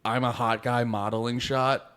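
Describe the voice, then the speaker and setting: A man's voice: mid-range voice, flat delivery, normal speed, a bit bright, clear, resonant tone. A man co-hosting a comedy podcast, riffing casually with profanity and frequent laughter. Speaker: podcast co-host.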